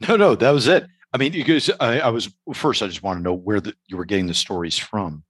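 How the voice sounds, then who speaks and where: Very deep, husky-voiced male interviewer. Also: fast, fairly bright tone, dry recording. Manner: musing, speculative, loose phrasing. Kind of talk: casual interview talk.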